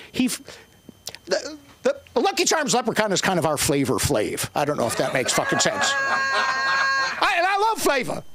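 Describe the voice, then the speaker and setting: An older man doing profane, rambling stand-up comedy at an open mic, with sudden shouted bursts. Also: on the high side, background noise. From Northern Ireland.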